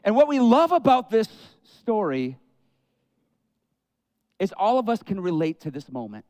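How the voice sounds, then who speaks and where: Male pastor, high voice, expressive sermon delivery with acted-out quotes. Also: a little slow, no room sound. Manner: expressive preaching, acts out quoted prayers.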